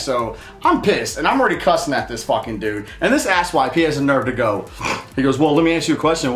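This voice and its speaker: A man's voice: mid-range voice, fairly bright tone, roomy sound. Profane man ranting to camera. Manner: profane, heated storytelling. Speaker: show host. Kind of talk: casual ranting monologue.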